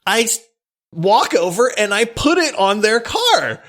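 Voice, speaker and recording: Excitable man telling a story, laughing. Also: high voice, measured pace, a little hiss or hum. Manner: laughing, excitable, rising to near-shouts. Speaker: podcast co-host. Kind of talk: animated storytelling.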